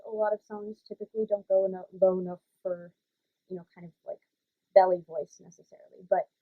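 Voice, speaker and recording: Chatty woman teaching kids voice warm-ups. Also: mid-range voice, steady tone, brisk, dry recording. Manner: chatty, many fillers, demonstrates voices. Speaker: children's theater teacher. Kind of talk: casual warm-up lesson for young kids. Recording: dry, phone-like audio.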